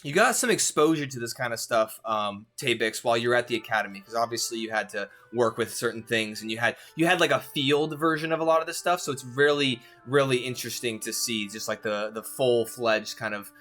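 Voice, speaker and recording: A man's voice: mid-range voice, brisk, hardly any pauses, bright, forceful tone, soft background music. A man narrating as game master of a tabletop game, rambling with lots of fillers.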